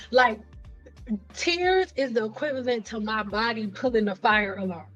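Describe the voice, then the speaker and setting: A woman with a fairly high voice hosts a casual livestream chat, animated and blunt, talking straight to her viewers. She acts out the voices she quotes. Faint music plays behind her. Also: normal speed, dull audio. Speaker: livestream host. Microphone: computer mic on a livestream.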